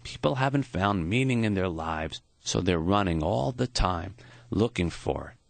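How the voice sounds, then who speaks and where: A man's voice: expressive, moderate pace, creaky, dry recording. A man putting on a frail, foggy old professor. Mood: reflective. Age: 70s. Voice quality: foggy, high-pitched voice. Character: frail elderly male professor, gentle and wise.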